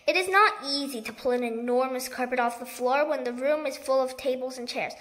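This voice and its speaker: A woman reading a children's book aloud in a lively storytelling manner. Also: sits high, fairly quick. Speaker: storybook reader.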